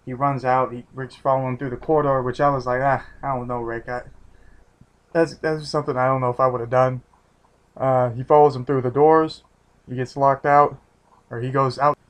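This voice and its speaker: A man's voice: mid-range voice, steady tone, normal speed. A man giving a casual, rambling recap of a TV episode, restarting his sentences often and swearing freely. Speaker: TV episode reviewer.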